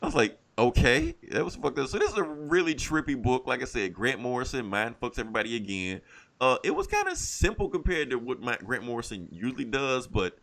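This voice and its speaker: Male podcast co-host, loose and profane, very expressive pitch, telling comic plots with relish. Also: a little fast. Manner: animated storytelling, swears freely, laughs often. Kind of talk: casual comic book review chat.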